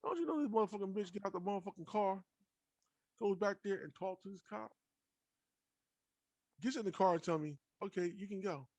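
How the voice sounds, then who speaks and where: A young adult man hosting a podcast, telling personal stories casually with lots of swearing and animated retelling. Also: sits high, a little fast, long pauses, no echo. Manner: profane, animated anecdote telling. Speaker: podcast host. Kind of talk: casual storytelling.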